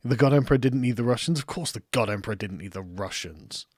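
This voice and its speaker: A man's voice: mid-range voice, expressive, quick pace, darkish tone, dry recording, studio quality. A young adult English man with an English accent, rambling and laughing as he reads viewer comments on a casual livestream. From England. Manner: rambling, laughs often, swears freely, self-mocking. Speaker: political commentary streamer.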